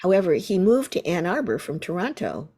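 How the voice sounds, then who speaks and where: A woman's voice: fairly low pitch, sing-song, brisk, warm tone, slightly rough. An older American woman, a Zen teacher, telling a vivid story as an interview guest. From United States.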